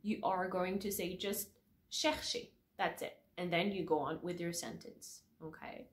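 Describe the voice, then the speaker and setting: A woman teaching pronunciation, repeating each word slowly and checking in with "all right?" after each point. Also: lowish voice, steady tone. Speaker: French teacher. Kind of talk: pronunciation lesson to camera.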